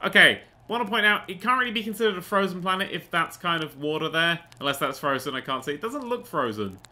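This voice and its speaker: Guy doing let's play commentary, super bright sharp voice, a bit high, rambly and sarcastic, swears a lot. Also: lively intonation, quick pace. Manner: rambling, sarcastic, goes off on tangents; swears casually. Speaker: host of a gaming channel.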